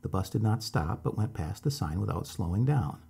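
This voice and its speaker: Gravelly, low-voiced male storyteller. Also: animated, moderate pace, warm tone. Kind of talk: bedtime story reading.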